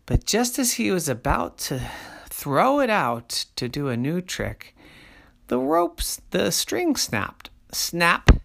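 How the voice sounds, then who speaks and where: A storyteller telling a children's story in a slow, sing-song way, dropping to soft asides. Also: medium pitch, huge pitch swings, gravelly.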